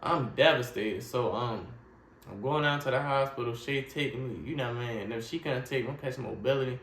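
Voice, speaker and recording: A man's voice: medium pitch, fairly quick, a bit bright. A man earnestly telling his life story in short, heartfelt phrases, often asking "you know what I mean". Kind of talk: personal testimony, casual storytelling. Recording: echoey room with faint ambient noise.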